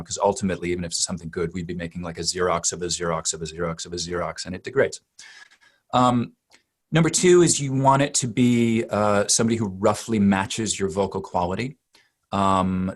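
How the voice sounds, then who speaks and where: A man's voice: sits low, fairly quick. A man working as a dialect coach, giving long, emphatic expert answers in an interview and often repeating words as he builds a point.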